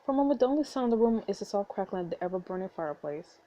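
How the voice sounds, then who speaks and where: A woman's voice: mid-range voice, lively intonation, rapid-fire, lo-fi sound. A woman hosting a let's play, reading a story game aloud and reacting with giggly asides.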